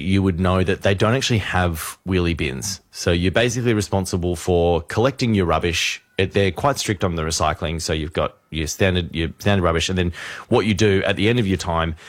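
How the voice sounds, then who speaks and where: A man co-hosting a radio show, telling a funny story with lively repetition. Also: deep voice, a little fast, no room sound. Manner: animated storyteller, repeats punchlines. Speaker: radio host. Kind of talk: casual radio banter, storytelling. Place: radio studio. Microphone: studio microphone.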